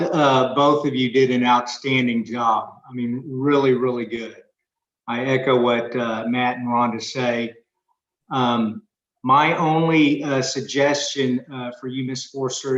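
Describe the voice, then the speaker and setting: A man's voice: medium pitch, fairly bright tone, reverberant, highs cut off. A man, a judge on a mock trial panel, giving encouraging feedback.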